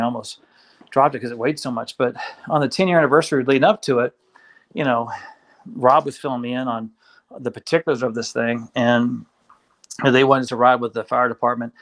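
A Kentucky man appears as a guest on an interview show, telling his story casually and with lots of animation while imitating the voices of the people he quotes. He speaks fairly quickly in a mid-range voice.

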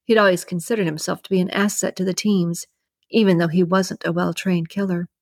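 Low-voiced woman narrating a novel. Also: flat delivery, fairly quick, a little mellow, no echo, studio quality. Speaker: audiobook narrator. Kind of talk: scripted narration.

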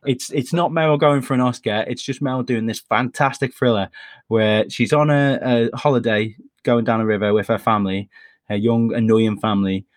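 A man's voice: mid-range voice, fairly even intonation, moderate pace, dry recording, clean studio sound. A British man co-hosting a podcast, chatting casually with a wry, teasing manner. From Britain. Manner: wry, teasing, joking delivery. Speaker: podcast co-host. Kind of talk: casual chat.

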